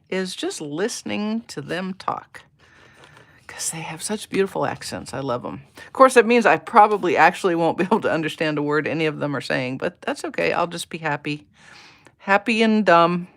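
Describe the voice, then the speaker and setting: A woman's voice: lowish voice, fairly bright tone. A woman demonstrating a card-making project on a live stream, chatting along as she works and greeting viewers by name. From United States. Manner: talks to herself while working. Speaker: papercraft demonstrator. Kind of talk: live-stream craft tutorial.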